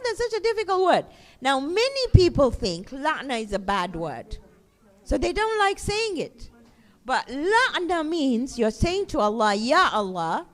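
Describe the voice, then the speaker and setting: High-pitched woman teaching young children. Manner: animated, asks the children questions and answers them herself. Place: mosque classroom.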